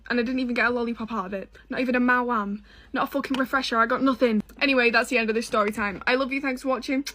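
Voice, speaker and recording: British woman, young, sassy storyteller, swears a lot, fairly high voice. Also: fairly even intonation, racing. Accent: British English. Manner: sassy, swearing, dramatic asides to viewers. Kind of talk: casual storytime.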